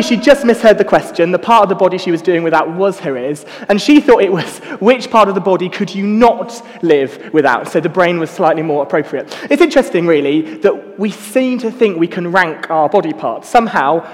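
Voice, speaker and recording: A man's voice: sits high, lively intonation, a little fast, hardly any pauses, long reverb tail. A young man giving a casual, self-mocking sermon full of personal stories. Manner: self-mocking, chatty storytelling. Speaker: preacher.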